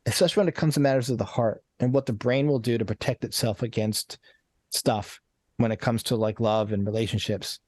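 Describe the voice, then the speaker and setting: A man's voice: medium pitch, a little fast, a little mellow, dry recording, studio quality. A man guesting on a podcast as a coach, talking earnestly in a rambling, casual way with many restarts and repeated words. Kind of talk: casual conversational interview.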